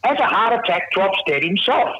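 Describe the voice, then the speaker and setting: A man's voice: high voice, expressive, moderate pace, a little hiss or hum. An Australian man calling in, telling a joke in a laid-back, rambling way. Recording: muffled phone line.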